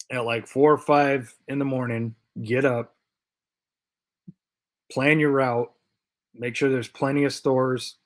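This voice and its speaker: A man hosting a casual live stream, reading out viewer comments in a loose, rambling way with lots of fillers and repeats. He sounds tired and short on sleep. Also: medium pitch. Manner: puts on a Canadian accent as a joke. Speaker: host of a live diecast chat stream.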